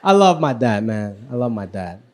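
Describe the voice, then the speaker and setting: A man performing live stand-up comedy, telling stories with high energy. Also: normal speed, background noise. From Los Angeles. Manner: animated, high-energy storytelling. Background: audience laughing.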